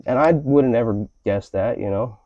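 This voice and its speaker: Podcast host, man, profane and rambling, warm low-key tone, dry lo-fi sound. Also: moderate pace, dry recording. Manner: profane, rambling ranting delivery. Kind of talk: casual podcast chat. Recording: slightly dull lo-fi audio.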